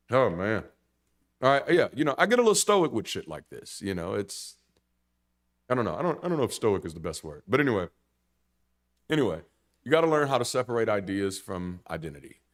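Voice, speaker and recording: A man preaching in a conversational sermon style, blunt and animated, swearing casually and restarting sentences. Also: mid-range voice. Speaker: pastor.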